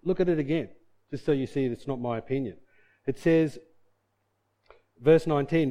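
A man's voice: mid-range voice, normal speed, long pauses, dark tone. A man preaching a sermon, reading scripture and telling a personal story in an earnest, conversational way. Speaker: pastor.

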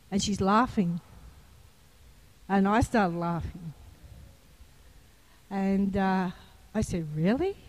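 A woman's voice: mid-range voice, a little mellow. A woman preacher giving a sermon, telling a personal story in a chatty way and rising into fervent, emphatic preaching. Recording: long hall reverb.

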